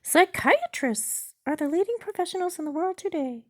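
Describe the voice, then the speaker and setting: A woman in her sixties voicing an evasive AI chatbot in a bright, sing-song reading voice. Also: very high-pitched, very animated, moderate pace, voice pushed up. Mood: chirpy.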